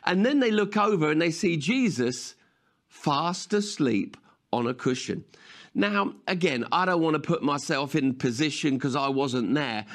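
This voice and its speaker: Male pastor, storytelling sermon, fairly high voice, relaxed conversational delivery. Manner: conversational storytelling, retelling scenes vividly.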